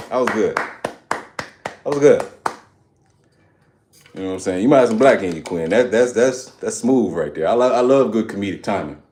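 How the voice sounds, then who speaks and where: A man's voice: fairly low pitch, background noise. Dude talking to chat mid workout, joking around, swings his voice a lot. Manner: laid-back, joking, talks to chat. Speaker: fitness streamer. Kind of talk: casual chat during a live workout. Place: home workout space, indoors.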